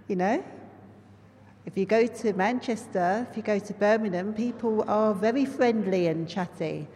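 A woman's voice: mid-range voice, moderate pace. A woman with a London accent shares her testimony from the front of a church, earnest and chatty with the congregation. Her voice rings out with a long reverb through a big hall, over a faint hum of the room. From England. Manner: earnest and conversational, warm asides to the congregation. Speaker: lay preacher. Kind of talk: personal testimony sermon.

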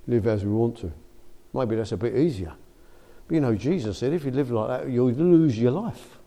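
Male preacher, chatty and emphatic, animated delivery, warm voice. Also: mid-range voice. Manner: lively, conversational, rising to emphatic outbursts. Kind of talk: informal sermon.

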